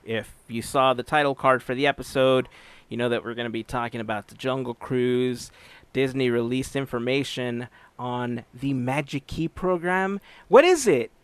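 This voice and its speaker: A man's voice: medium pitch, fairly even intonation, moderate pace, clean tone, dry recording. A middle-aged man hosting a podcast, reading announcements and then chatting casually, telling stories in an upbeat way. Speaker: podcast host.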